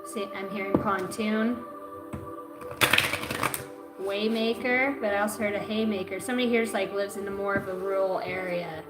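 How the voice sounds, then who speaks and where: A woman's voice: mid-range voice, steady tone, normal speed, roomy sound, music in the background, low-quality recording. A woman giving a zodiac card reading on a livestream, cursing a lot and rambling from joke to joke. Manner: profane, rambling and jokey. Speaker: astrology card reader.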